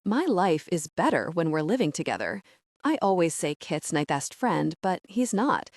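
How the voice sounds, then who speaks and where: A woman narrating a first-person romance audiobook in an expressive, conversational storytelling manner, recorded on a close studio mic. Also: fairly low pitch, moderate pace, no echo.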